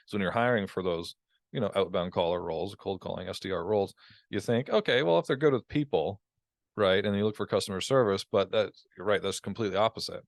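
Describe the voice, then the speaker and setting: A man's voice: low voice, fairly even intonation, fast, creaky, no echo, clean studio sound. A man hosting a podcast interview, agreeable and enthusiastic in casual conversation. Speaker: podcast host.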